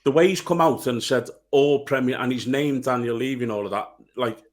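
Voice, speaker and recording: This co-host's medium-pitched voice moves fairly quickly as he weighs in on a laid-back football podcast. He rants with heat and bluntness, cursing without restraint.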